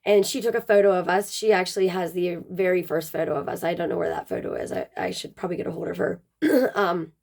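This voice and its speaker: A woman's voice: fairly low pitch, fairly even intonation, fast, creaky, a little mellow. A woman casually telling a personal story, rambling with plenty of "um" and "like" fillers.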